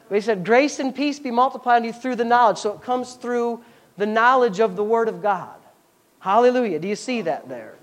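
A pastor preaching a sermon, reading scripture slowly and then explaining it with rhetorical questions and emphatic rising bursts. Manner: preaching with rhetorical questions and call-outs to the congregation; rises to emphatic high bursts when stressing points.

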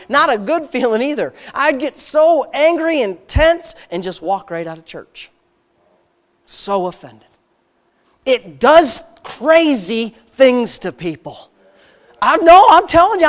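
Folksy, impassioned preacher: talky asides, rhetorical questions, loud emphatic climaxes. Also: high-pitched. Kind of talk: sermon.

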